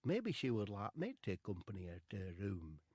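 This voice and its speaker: A man putting on a slow, prim, overly polite voice for a footballer in a comedy story. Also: lowish voice, wildly swooping pitch, darkish tone, husky, no room sound, exaggerated voice. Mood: smarmy. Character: prim footballer posing as a gentleman.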